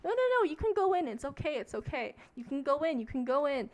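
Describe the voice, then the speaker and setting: A woman doing a shrill, insistent old lady. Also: fairly quick, a little mellow, lightly acted. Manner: repeating herself, shooing someone ahead. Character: insistent kindly old woman with little English.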